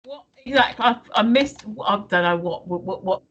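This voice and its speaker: A woman's voice: mid-range voice, animated, normal speed, a bit bright, dull audio. A woman co-hosting a live stream in casual, teasing chat, swearing freely. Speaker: stream co-host.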